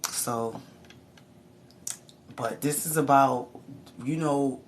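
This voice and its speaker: A tarot reader with a very deep voice gives her viewers a casual, profane reading at an extremely slow pace, frequently bursting into laughs and exclamations. There's slight background noise.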